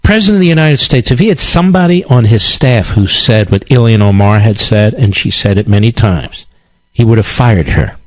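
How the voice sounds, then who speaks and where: A man's voice: on the low side, animated, moderate pace, no echo, poor audio. A male radio talk show host delivering a combative, sarcastic political monologue with emphatic repetition.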